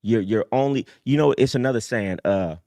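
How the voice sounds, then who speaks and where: A man's voice: moderate pace, warm tone, no room sound. Streetwise man preaching hard on a dry mic. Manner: streetwise, preachy, swings from low mutters to high emphatic bursts. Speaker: host. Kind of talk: casual livestream talk.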